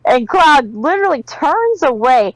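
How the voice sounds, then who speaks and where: A woman retelling game scenes in casual talk, slipping into quoted character lines. Her pitch sits a little high and moves lively. The recording is dry and close. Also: measured pace, no echo, rough recording. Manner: expressive, acts out quotes in character voices. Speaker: podcast co-host.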